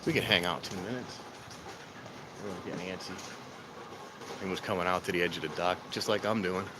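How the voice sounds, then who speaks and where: A man's voice: sits low, steady tone, fairly quick, noisy background. A man chatting casually to viewers on a live stream, out of breath. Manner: chatty, talks to viewers between trains. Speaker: livestreamer filming trains. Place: outdoor train station platform and footbridge in rain.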